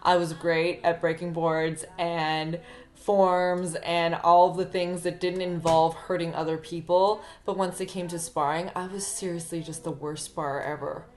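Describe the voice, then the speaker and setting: A woman's voice: fairly low pitch, level tone, a little slow. A woman, a singer-songwriter, chatting casually to camera in a rambling, chatty way.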